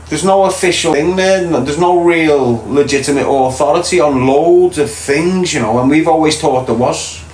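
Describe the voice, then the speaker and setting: A middle-aged Liverpool man, talking bluntly and casually to his livestream viewers. His voice sits a little high for a man. The room echoes around him, with a faint hum of ambience behind. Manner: blunt, swearing, chatty with viewers. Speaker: livestream host. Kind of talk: casual live chat reading comments.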